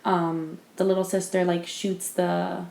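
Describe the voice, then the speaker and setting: A woman with a low-leaning, darkish voice and vocal fry co-hosts a podcast, speaking a little slowly with little pitch movement. Her chat is casual and loose, packed with fillers and restarts, and the room sounds echoey.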